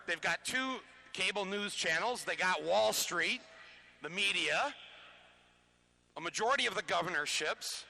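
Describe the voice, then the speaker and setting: Bright, gravelly-voiced man speaking to an audience. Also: high voice, animated, unhurried. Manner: conversational, restarts often, chuckles between points. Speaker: touring speaker addressing a live audience. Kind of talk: live political talk with comic asides. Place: public lecture venue before an audience. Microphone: amplified stage microphone.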